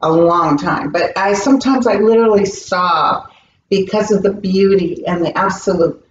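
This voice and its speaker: A woman's voice: lowish voice, normal speed. An earnest woman speaks as a psychic medium in an interview and tells her stories with animation. She sits well back from the mic in a roomy space, and the sound is dull with a faint hiss. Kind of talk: interview conversation. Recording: roomy, distant, dull recording.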